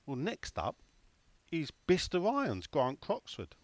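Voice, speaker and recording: A man's voice: medium pitch, expressive, moderate pace, no echo. A man hosting a casual podcast chat, teasing the others as he reads out questions. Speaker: podcast host.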